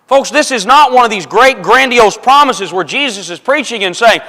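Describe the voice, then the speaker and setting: Emphatic preacher in a reverberant church. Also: male voice, extremely high pitch, animated, normal speed, few pauses, sharp tone. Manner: emphatic, repeats phrases for stress, addresses congregation as folks. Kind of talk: sermon. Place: church auditorium. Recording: long reverb of a church hall.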